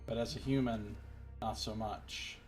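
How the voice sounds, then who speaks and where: A man's voice: lowish voice, steady tone, unhurried, a little mellow, soft background music. A man giving rambling, joking commentary as he plays a game on stream, ranting now and then, at a desk microphone. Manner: rambling, joking, exasperated rants. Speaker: let's play streamer. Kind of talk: gameplay commentary.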